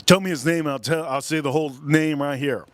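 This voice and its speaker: Guy on a livestream ranting, kinda high voice, blunt and sweary, dry close sound. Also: fairly even intonation, brisk, no room sound. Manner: blunt, rambling, swears freely. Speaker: livestream host. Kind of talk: casual livestream rant.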